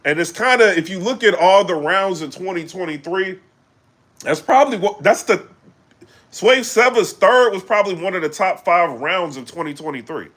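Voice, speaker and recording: A man chatting casually on a live stream, animated and full of fillers, breaking into loud shouts when he gets excited. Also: sits high, moderate pace. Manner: animated, loose, full of fillers like "you know what I'm saying". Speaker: battle rap commentator.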